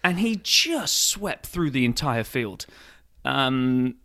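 Animated guy co-hosting a podcast, mid pitch, gets worked up fast. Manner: animated, excitable, emphatic. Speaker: podcast co-host. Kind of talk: casual sports podcast chat.

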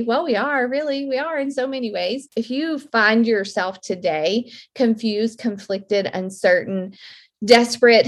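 A woman in her thirties hosting a devotional podcast, speaking earnestly with a slightly shaky, emotional voice. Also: on the high side. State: voice a little shaky, near tears. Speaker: podcast host.

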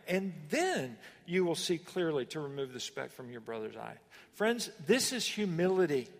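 A man preaching a sermon as pastor, animated and emphatic, with sudden rises and pauses. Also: a little high, big-room sound.

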